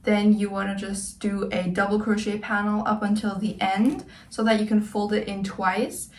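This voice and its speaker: A woman's voice: medium pitch, flat delivery, moderate pace, reverberant. A young woman chatting casually about her crochet projects, rambling with lots of fillers. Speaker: crochet vlogger. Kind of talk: casual show-and-tell vlog.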